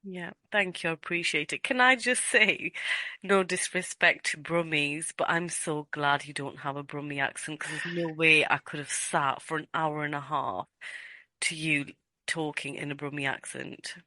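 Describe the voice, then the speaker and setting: A woman with a Geordie accent hosts a casual podcast conversation. Her voice is bright and forceful, recorded close and dry with no room sound. She speaks earnestly and gratefully, with a light teasing edge. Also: deep voice, steady tone, normal speed, no echo. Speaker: podcast host.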